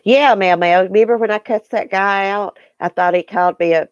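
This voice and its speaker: A woman's voice: medium pitch, a little fast, no echo, lo-fi sound. A Southern woman hosting a casual livestream, chatting folksily with viewers by name and reading the chat. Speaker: YouTube livestream host.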